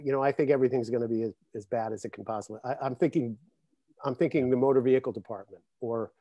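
A man's voice: medium pitch, fast talker, no room sound. A man, a guest drummer, telling stories with lots of laughter in a casual chat over a video call. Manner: animated storyteller, laughs often. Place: home, in Connecticut.

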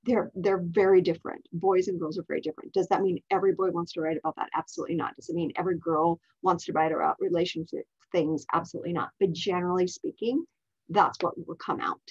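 A middle-aged woman explains her writing curriculum to fellow teachers in an easy, chatty way. Her voice sits a little low and sounds husky, and she restarts her sentences often. The recording is dull and lo-fi. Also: fairly even intonation, quick pace.

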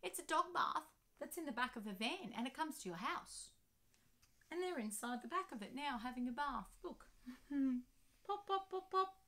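Animated woman reading to children. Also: high-pitched, normal speed. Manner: animated, asking listeners questions. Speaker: picture-book author reading aloud.

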